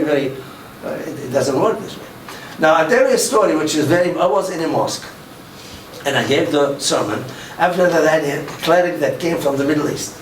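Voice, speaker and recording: An older man giving a public lecture, telling anecdotes and acting out the quoted dialogue with animation. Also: on the high side. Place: mosque hall. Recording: roomy, distant mic with faint noise.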